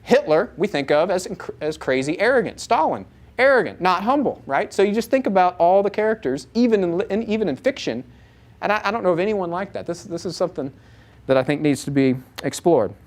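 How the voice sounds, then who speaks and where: Animated man lecturing with lively pitch. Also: fairly quick. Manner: animated, asks the audience many rhetorical questions. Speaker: Bible teacher. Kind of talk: lecture to a live audience.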